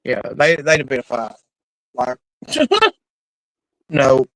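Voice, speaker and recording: A middle-aged woman telling stories in casual chat, animated and laughing, with plenty of cursing. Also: extremely low pitch, takes it slowly, no room sound, low-quality recording. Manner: animated, laughing, profane storyteller.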